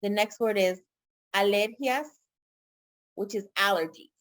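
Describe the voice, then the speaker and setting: A woman tutor talks slowly and patiently, repeating every word so her students can follow. Her voice sits at a medium pitch with an unhurried pace. She sounds like she is teaching an online lesson. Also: fairly bright tone. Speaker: pharmacy tech Spanish tutor.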